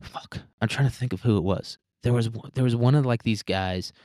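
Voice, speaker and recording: A man's voice: mid-range voice, brisk, dark tone, no room sound, studio quality. A man hosting a solo commentary podcast, rambling, sarcastic and heavy on swearing. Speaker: podcast host.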